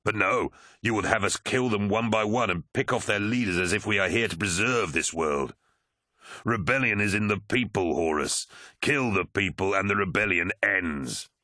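A man voicing a brutal, bloodthirsty male warrior lord in an audiobook, snarling his words slowly and with force. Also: fairly low pitch, sharp tone, no echo, studio quality, voice pushed up. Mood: angry. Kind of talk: audiobook character voice.

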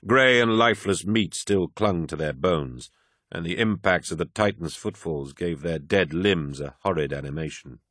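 A man narrating an audiobook in a measured, grave manner. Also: low-pitched, a bit bright, no echo, studio quality.

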